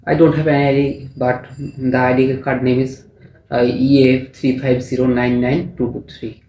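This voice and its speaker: A young man with a Bangladeshi accent answering a mock speaking exam, halting and often restarting his phrases. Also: medium pitch, flat delivery, dark tone. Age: young adult. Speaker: test candidate. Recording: echoey room with faint noise.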